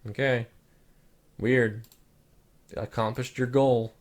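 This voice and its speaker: Speaking slowly in a mid-range voice, a young male channel host rambles casually through his reactions to pictures, leaning heavily on the filler "like."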